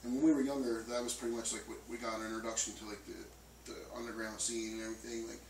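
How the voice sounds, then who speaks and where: A man's voice: fairly low pitch, little pitch movement, quick pace, a little mellow. A man in a band, chatting casually in an interview with many fillers and restarts. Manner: loose, rambling with many fillers. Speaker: band member. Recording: roomy, distant mic, faint noise.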